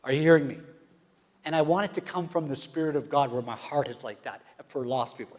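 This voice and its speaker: A man preaching a sermon, asking the congregation questions and swinging from hushed whispers to loud, emphatic calls. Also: on the high side, brisk. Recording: long hall reverb.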